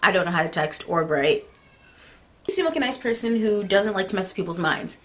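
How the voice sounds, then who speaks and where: A woman's voice: mid-range voice, a little fast. A teenage girl telling a story on her vlog, acting out a text conversation and laughing as she goes. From United States. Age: teens. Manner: animated, laughing, acts out text exchanges. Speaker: vlogger.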